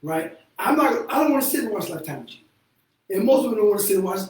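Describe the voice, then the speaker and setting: A man's voice: sits high, expressive, quick pace, darkish tone. Blunt, profane man in an echoey room. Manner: blunt, profane, laughing often. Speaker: show host and therapist. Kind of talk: candid casual talk. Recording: echoey room from far off with faint noise.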